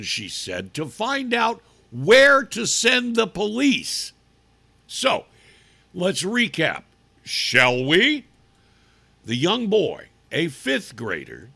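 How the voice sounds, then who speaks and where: A male radio talk host delivering an opinionated monologue. His voice is bright and gravelly, with a husky edge. He talks in a sarcastic, mocking way. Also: sits high. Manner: sarcastic, mocking, acts out people in put-on voices. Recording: live radio broadcast stream.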